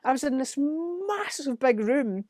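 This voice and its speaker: A woman's voice: sits high, a little slow, no echo. A middle-aged Scottish woman, a musician guest, telling studio stories in casual chat and acting out the quotes. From Scotland. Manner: animated storytelling, acts out quotes.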